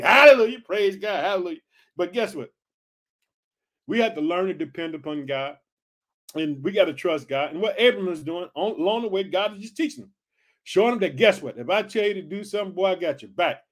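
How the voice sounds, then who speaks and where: A man preaching an informal sermon, reading scripture and calling out to his listeners as family. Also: high-pitched. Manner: energetic, calls out to listeners as family.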